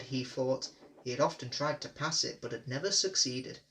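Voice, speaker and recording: A man reading children's railway stories aloud in a clear, measured way. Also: mid-range voice, a bit bright, slight background noise. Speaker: storybook reader. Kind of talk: storybook narration.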